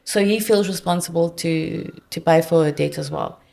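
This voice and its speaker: A South African woman, a debt counsellor guest, telling earnest, animated client stories in conversation. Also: low voice, moderate pace, creaky. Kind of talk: conversational storytelling.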